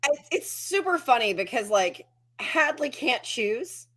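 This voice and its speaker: Over a video call, a woman chats casually and tells stories, acting out what other people said. Her voice is high and a bit bright, with lively intonation and a measured pace.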